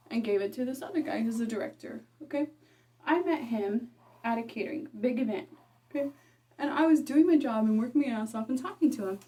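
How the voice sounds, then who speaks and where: Young woman, exasperated, swears a lot, casual chatty rant, somewhat high pitch, slightly distant mic. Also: darkish tone. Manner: frank, swears freely, keeps saying "okay?"; ranting and exasperated. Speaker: vlogger. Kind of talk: get-ready-with-me chat.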